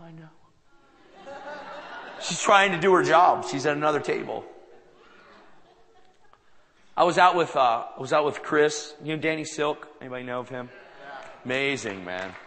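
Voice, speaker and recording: Male preacher, animated storytelling sermon, bright forceful voice, slightly high pitch, long hall reverb. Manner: animated, acts out dialogue in anecdotes.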